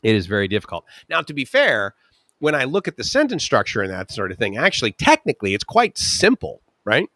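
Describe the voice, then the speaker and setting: Bright-voiced chatty man host. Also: medium pitch, wildly swooping pitch, no room sound, studio quality. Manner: chatty storyteller, quick asides and laughs, acts out voices. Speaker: live stream host. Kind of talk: casual rambling chat. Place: ocean-view bungalow.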